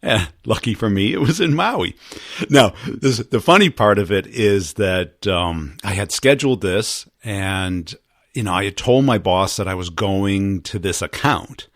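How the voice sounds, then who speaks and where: A man hosting a sales podcast, telling an animated story and acting out both sides of a phone call, then pitching his course. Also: unhurried, dry recording, studio quality. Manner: animated storyteller, acts out quotes. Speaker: podcast host.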